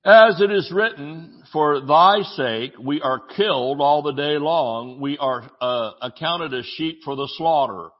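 A man pastor preaching a sermon, reading scripture with jokes and sudden shouts. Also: on the high side, unhurried, hardly any pauses. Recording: dull lo-fi audio.

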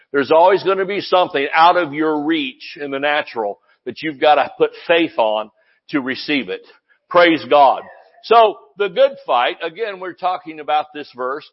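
A male pastor preaching a sermon in a lively way, breaking into laughs and hallelujahs. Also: on the high side, highs cut off.

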